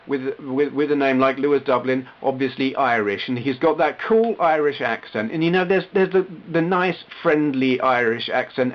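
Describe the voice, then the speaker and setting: A man's voice: medium pitch, muffled recording. A man talking casually to camera in his own vlog, rambling and self-deprecating, often restarting his sentences. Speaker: retro gaming YouTuber.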